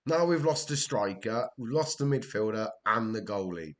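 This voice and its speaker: A man's voice: lowish voice, expressive, moderate pace. A man from Wales giving casual commentary while playing a game, talking to himself, exasperated and swearing. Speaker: gameplay commentator.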